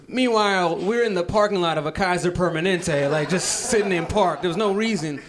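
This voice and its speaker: A man's voice: sits high, brisk, few pauses. A man performing stand-up comedy, telling stories in a loose, conversational way. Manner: loose, conversational storytelling with repetition.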